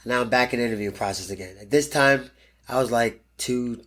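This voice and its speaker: A man's voice: mid-range voice, fairly quick, a bit bright. A man in his thirties, a pro fighter guest in an interview, telling a story bluntly and animatedly and swearing freely.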